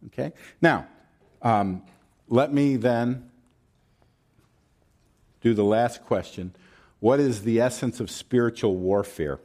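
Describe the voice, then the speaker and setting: A man's voice: mid-range voice, expressive, takes it slowly, pauses often, a little mellow. A male pastor delivering a sermon, asking his listeners questions and breaking into a folksy story.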